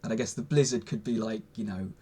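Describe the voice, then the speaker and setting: A man's voice: fairly low pitch, fast talker, mellow, husky. A young man vlogging a casual, rambling monologue, with lots of fillers and restarts.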